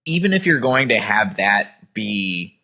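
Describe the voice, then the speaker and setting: A man hosting a casual film review podcast, thinking aloud in a measured, hesitant way. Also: lowish voice, big pitch swings, bright, forceful tone. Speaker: podcast host.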